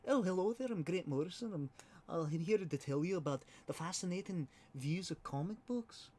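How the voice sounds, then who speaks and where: A chatty Scottish comic book writer speaks in a jaunty, clearly imitated accent, put on by a man. His voice sits well above the speaker's natural pitch, with an odd, put-on timbre. The accent is rough and exaggerated, a hobbyist's impression rather than the real thing. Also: lively intonation, moderate pace, mellow. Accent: Scottish, poorly imitated.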